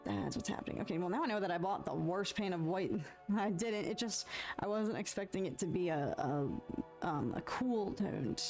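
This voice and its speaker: A young adult woman chatting casually on a live stream as she paints, expressive and talkative, swinging between frustration and giddy relief. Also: lowish voice, normal speed, soft background music.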